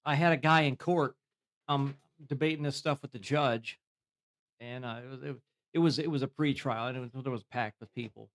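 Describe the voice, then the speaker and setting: A man co-hosting a casual podcast chat, animated, laughing often and restarting his sentences. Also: medium pitch, moderate pace. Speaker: podcast co-host.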